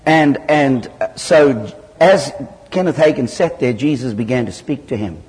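A man from southern Africa preaching a sermon, telling stories with lively jumps in pitch. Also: measured pace. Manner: animated storytelling with sudden loud jumps in pitch. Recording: hall reverb.

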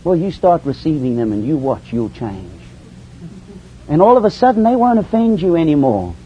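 Preacher man with a lively, swooping voice. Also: normal speed. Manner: swings from hushed lows to soaring highs. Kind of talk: sermon. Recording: dull lo-fi sermon recording with faint hiss.

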